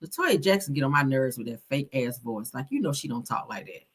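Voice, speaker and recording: A woman's voice: rumbling low, big pitch swings, fairly quick, slightly rough. A woman hosting a gossip livestream, sassy and chatty, calling her viewers honey and child. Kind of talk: casual gossip commentary.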